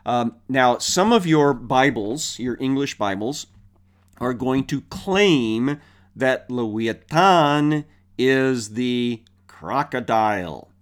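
A man's voice: medium pitch, animated, takes it slowly. A man teaching a Bible passage verse by verse, reading the scripture aloud and then explaining it in a conversational way, with rhetorical questions and frequent fillers.

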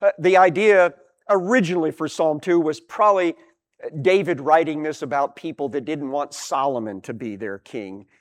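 Animated high-voiced male Bible teacher. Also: normal speed.

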